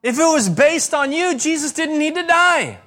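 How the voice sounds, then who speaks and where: A man preaching a sermon as a pastor, with emphatic rises and slow, stressed repetitions. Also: extremely high pitch, expressive, sharp tone.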